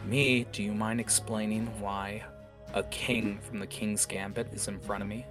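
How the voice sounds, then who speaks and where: Man doing a gruff grizzled gang boss. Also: lowish voice, flat delivery, moderate pace, music in the background, natural voice. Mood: suspicious.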